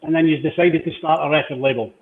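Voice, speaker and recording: Host on a tinny echoey line. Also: male voice, on the high side, quick pace, slight background noise. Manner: brief encouraging prompts. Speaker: podcast host. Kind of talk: casual interview.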